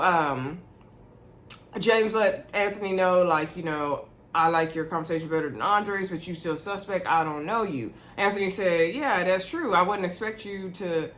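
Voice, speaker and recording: Woman chatting thru a reality show recap, lowish voice, lots of y'all and like, talks right to the viewers. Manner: chatty, animated, retelling scenes with quoted voices; addresses viewers directly. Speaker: reality TV reviewer. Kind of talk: casual recap talk.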